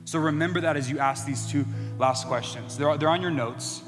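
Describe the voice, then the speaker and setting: A man's voice: fairly high pitch, moderate pace, long reverb tail, over music. A man preaching a sermon in an earnest way that builds to impassioned emphasis.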